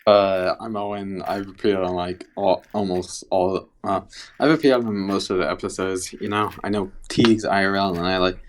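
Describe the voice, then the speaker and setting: Low-voiced guy mumbling from off-mic on a podcast, kinda hesitant. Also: little pitch movement, moderate pace. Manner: hesitant, lots of "like". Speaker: guest. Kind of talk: casual podcast chat.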